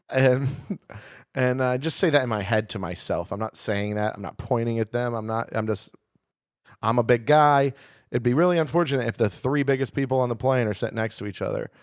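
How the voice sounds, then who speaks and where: Male comedy podcast co-host, animated profane storyteller, medium voice, dry close sound. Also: medium pitch, brisk, dry recording.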